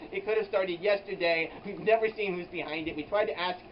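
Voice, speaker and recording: A man's voice: high voice, a little fast, close to an everyday voice. A man voicing a tiny, petty young male pig in an improvised comedy vlog, rambling and giggly in a childlike baby-talk voice, full of "like" and restarts, recorded on a handheld camera mic. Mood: chatty. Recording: slightly dull audio with air conditioner hum.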